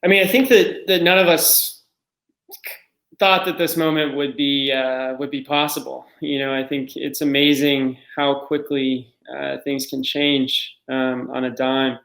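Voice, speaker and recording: A man in his thirties, an emergency doctor, answering interview questions in a reflective, halting way with many fillers. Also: medium pitch, flat delivery, creaky, fairly bright tone. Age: 30s. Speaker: ER doctor guest. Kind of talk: remote interview. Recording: echoey room.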